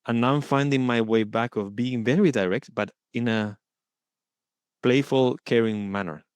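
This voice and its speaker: A man speaking as the guest in an interview, earnest and thoughtful, often pausing to search for his words. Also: mid-range voice, a little mellow, clean tone, dry recording. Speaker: guest coaching supervisor. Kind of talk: reflective interview talk.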